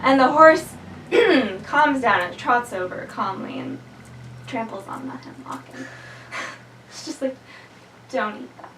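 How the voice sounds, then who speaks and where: A woman taking her turn in an improvised group story, playful and halting with frequent ums. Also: a little high, animated, background noise. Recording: roomy, mic far off.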